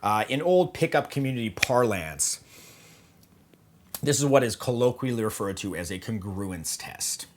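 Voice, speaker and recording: A man's voice: fairly low pitch, animated, moderate pace, slight background noise. A man coaching on dating in a casual, joking manner, swearing freely and checking in with "okay" and "right?". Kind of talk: casual instructional talk.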